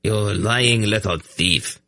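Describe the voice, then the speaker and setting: A rough, rowdy fur trader grumbles and accuses at full voice, as a man puts him on. The pitch stays low and the sound is close and dry. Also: lively intonation, a little slow, pushed and bright, no echo, exaggerated voice. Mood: indignant. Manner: rowdy, complaining.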